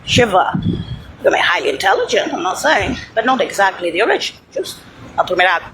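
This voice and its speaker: A woman's voice: mid-range voice, sing-song, brisk, noisy background. A woman in a heated, rambling monologue, swearing and dropping Italian phrases as she talks.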